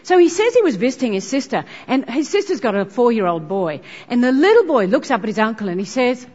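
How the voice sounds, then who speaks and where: A woman's voice: on the high side, sing-song, quick pace, hardly any pauses, breathy edge, in a large hall, highs cut off. Exuberant woman speaking on stage. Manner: exuberant, shouts ta-da. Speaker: motivational speaker. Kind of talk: energetic stage keynote.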